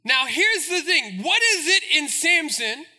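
Preacher guy, super high and sharp voice, animated and joking. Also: measured pace. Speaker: pastor. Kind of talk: sermon.

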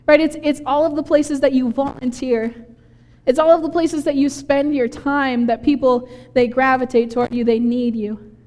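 A woman preaching a sermon, telling the story in an animated, conversational way. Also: high voice, normal speed. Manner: animated storytelling, acting out quoted voices with laughs. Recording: long hall reverb.

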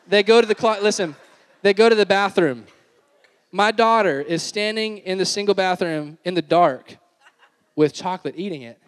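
Male pastor, high voice, sermon, lively storytelling, long hall reverb. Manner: storytelling with laughter, animated then hushed.

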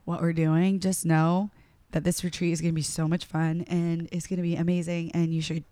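A woman in her thirties co-hosting a podcast in casual chat, friendly and relaxed, wandering into side stories. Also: fairly low pitch, brisk, no room sound. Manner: relaxed, friendly, rambling asides. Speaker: podcast co-host, fitness instructor.

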